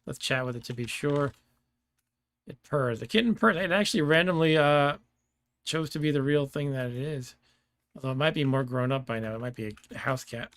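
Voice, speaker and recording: Guy streaming a game, talks to himself and laughs a lot, mid-pitched voice, dry close sound, keys clicking. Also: normal speed, fairly bright tone, no room sound. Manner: chatty, laughs often, thinks aloud. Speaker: gameplay streamer. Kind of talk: casual let's-play commentary.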